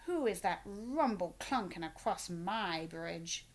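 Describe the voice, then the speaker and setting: A greedy, not-so-smart troll from a storybook, voiced by a woman reading aloud, bellows his demands slow and loud. His words come out in a drawn-out growl. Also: on the low side, lively intonation, heavily acted. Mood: gruff. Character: greedy, dim-witted male troll under a bridge.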